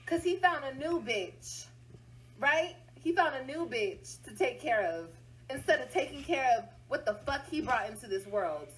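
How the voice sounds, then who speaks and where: A woman's voice: high-pitched, animated, moderate pace, low-quality recording. A woman hosting a casual livestream, venting bluntly and swearing heavily as she talks straight to her viewers. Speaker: livestream host.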